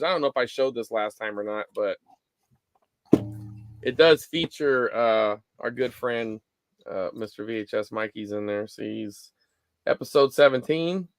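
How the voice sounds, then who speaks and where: A man in his forties co-hosting a live stream show, telling stories in a rambling, animated way with lots of fillers. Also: medium pitch, clean tone, no echo. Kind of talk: casual chat.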